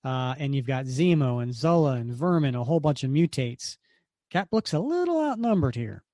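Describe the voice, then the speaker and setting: A man's voice: mid-range voice, very animated, normal speed, dark tone, dry recording, studio quality. A man co-hosting a podcast, casually reviewing a comic with rambling asides. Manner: rambling, with fillers and restarts. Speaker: podcast co-host.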